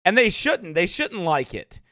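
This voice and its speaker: A man's voice: high-pitched, big pitch swings, unhurried, sharp tone, no room sound, clean studio sound. A man speaking as a pastor in a sermon-style commentary, emphatic and repeating tag questions like "right?" and "eh?".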